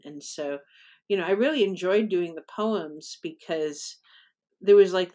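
A woman poet talking casually as an interview guest, rambling with frequent ums, uhs and restarts. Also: low-pitched.

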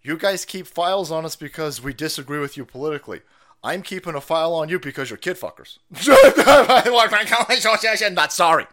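A middle-aged man hosting a livestream, ranting in a loud, foul-mouthed, rambling way and laughing easily. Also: fairly high pitch, lively intonation, moderate pace. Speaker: stream host. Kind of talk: profane ranting livestream monologue.

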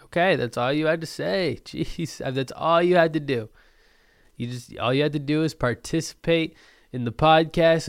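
A man's voice: fairly high pitch, normal speed, smooth, dry recording, studio quality. A man hosting a solo podcast, rambling in a manic, loopy, profane way, his throat still phlegmy from being sick. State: phlegmy throat after illness. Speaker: podcast host.

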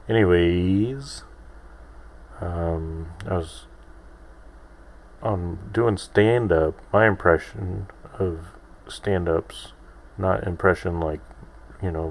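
A man in his thirties hosting a solo podcast, rambling and self-deprecating with lots of restarts. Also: low voice. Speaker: podcast host. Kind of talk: casual solo podcast monologue.

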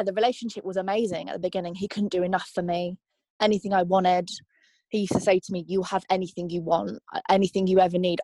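A woman's voice: medium pitch, no room sound. A young woman being interviewed, telling her own story in a candid, reflective way with frequent ums and likes. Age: young adult. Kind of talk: personal testimony interview.

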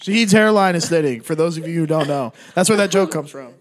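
A man co-hosting a podcast from Philadelphia, ranting in casual, profane chat and quick to mock. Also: fairly high pitch. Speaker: podcast co-host.

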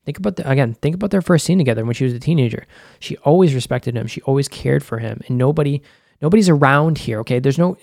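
A man's voice: mid-range voice, gravelly, a little mellow, no room sound, clean studio sound. A man hosting a podcast, talking loosely in casual commentary, full of "like," restarts and the odd swear word. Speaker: podcast host.

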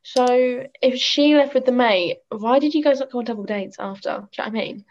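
A woman's voice: a little high, a little fast, muffled recording. A young British woman co-hosting a casual podcast chat, gushing and giggly, swearing freely. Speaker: podcast co-host.

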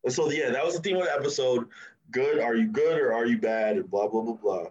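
A man co-hosting a TV review podcast, talking casually in an animated, mocking way and laughing often. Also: mid-range voice, fast talker, lo-fi sound. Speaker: podcast co-host reviewing a TV episode.

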